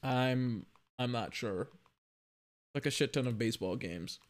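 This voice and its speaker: A man's voice: mid-range voice, measured pace. A young man in a casual, rambling sports rant that is profane and full of self-corrections.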